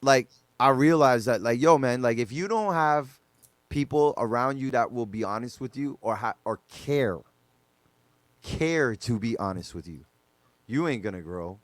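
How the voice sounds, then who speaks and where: A man's voice: medium pitch, measured pace, no echo. Man telling club stories, dry sound. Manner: animated, loose slang with many fillers. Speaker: DJ guest. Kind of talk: casual podcast storytelling.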